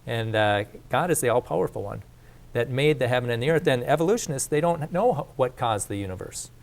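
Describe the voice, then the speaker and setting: A man's voice: mid-range voice, lively intonation, brisk, creaky. A man teaching a faith course in a casual lecture, speaking conversationally with restarts and asides. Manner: conversational, repeats and restarts, plain speech.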